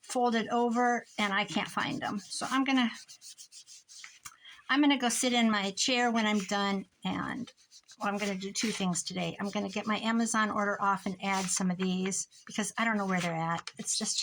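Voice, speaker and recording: A middle-aged woman with a Midwestern American accent chats to her vlog viewers while working at her craft table. She rambles from topic to topic and laughs often, in a voice of medium pitch. Faint clicks and writing sounds come from her crafting. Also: fairly even intonation, moderate pace, fairly bright tone, slight background noise, poor audio. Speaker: crafting vlogger. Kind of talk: casual chat while crafting. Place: craft room at home.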